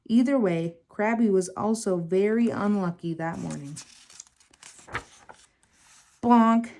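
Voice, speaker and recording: Woman, children's read-aloud, expressive narration, middle pitch. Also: slow. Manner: expressive, raises pitch for character lines. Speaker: tutor reading aloud.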